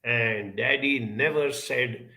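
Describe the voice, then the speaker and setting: A middle-aged man giving a motivational talk, telling personal stories in an earnest, animated way. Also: mid-range voice, takes it slowly, gravelly, rough recording. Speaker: speaker.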